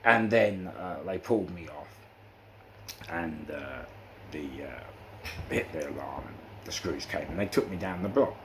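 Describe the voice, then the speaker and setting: A man with a London accent recounting prison episodes in animated storytelling, acting out the exchanges and often saying "you know". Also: low voice, unhurried, noisy background. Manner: acts out quoted exchanges, frequent "you know" fillers. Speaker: interviewee recounting prison life.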